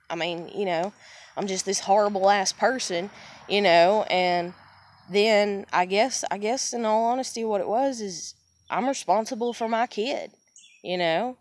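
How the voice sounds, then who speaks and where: A woman's voice: medium pitch, normal speed. A woman in a casual personal monologue. She talks candidly, swears often, rambles, restarts sentences and keeps saying "you know.".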